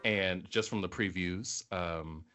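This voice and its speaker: Slow, bright-voiced man in casual chat. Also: low-pitched, soft background music. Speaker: podcast co-host.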